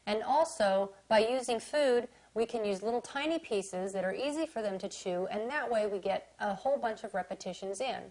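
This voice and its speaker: A woman's voice: mid-range voice, normal speed, hardly any pauses, darkish tone. A woman dog trainer explaining training methods in an upbeat, chatty way. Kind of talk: instructional explanation.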